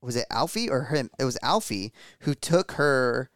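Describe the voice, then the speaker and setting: A man co-hosting a podcast, calmly summing up a film's ending with fillers. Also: medium pitch, normal speed, no room sound, clean studio sound. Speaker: podcast co-host. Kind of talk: casual chat.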